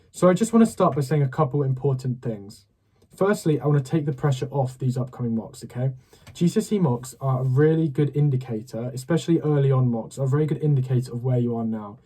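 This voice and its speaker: A man's voice: mid-range voice, mellow, breathy edge. A young man, giving casual study advice straight to the camera in a direct, upbeat way and often checking in with "okay?". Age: late teens. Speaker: student study-advice YouTuber.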